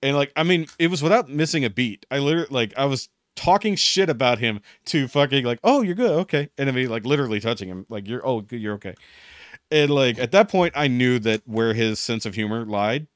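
A young man spins a workplace yarn on a podcast, swearing freely and jumping into the voices of the people he quotes. His pitch sits in the middle range. The recording is dry and close, with no room around him. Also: fairly quick, hardly any pauses, dry recording. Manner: animated storyteller, swears freely, acts out quotes. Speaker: podcast co-host. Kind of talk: casual chat, storytelling.

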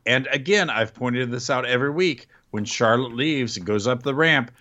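A man co-hosting a casual wrestling recap podcast, wry with quick asides. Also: medium pitch, bright, forceful tone, highs cut off. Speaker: podcast co-host.

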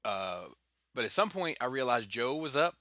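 Chatty man telling stories, bright and dry. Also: medium pitch, big pitch swings, moderate pace, dry recording. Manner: laughs often, storytelling with many restarts. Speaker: podcast co-host. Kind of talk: casual chat.

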